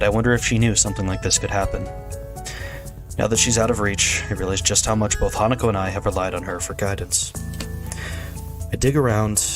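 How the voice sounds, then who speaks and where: A man with a lowish voice narrating a visual novel for his stream, steady and plain, close on a desk mic. Faint music plays softly under his reading. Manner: steady first-person narration with small restarts.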